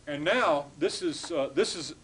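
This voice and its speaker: A man's voice: on the high side, a little slow, a bit bright, slight background noise, rough recording. A man giving a classroom lecture to students, explaining patiently with frequent hesitations and restarts.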